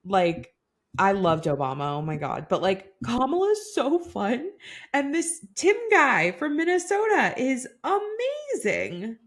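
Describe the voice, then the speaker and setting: A woman's voice: high voice, very animated, unhurried. A young woman co-hosting a podcast, chatting casually and gushing with frequent giggles. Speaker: podcast co-host. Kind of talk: casual chat.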